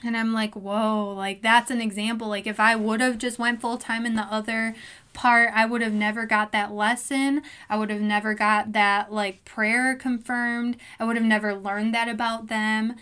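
A woman's voice: normal speed, clear, resonant tone, poor audio. A young woman in casual conversation about faith, telling stories and acting out her own reactions with lots of filler words. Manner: animated storytelling, acts out her own reactions in a high sweet voice.

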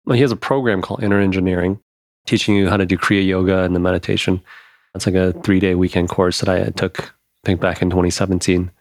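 A man hosting a podcast in casual chat, animated, laughing often and swearing freely. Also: low voice, fast, no echo, studio quality.

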